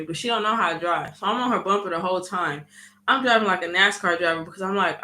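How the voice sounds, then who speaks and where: A woman vlogger telling a story in a casual, animated way and acting out what people said. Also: mid-range voice. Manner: animated storytelling, frequent "you know what I mean"; acts out quoted dialogue.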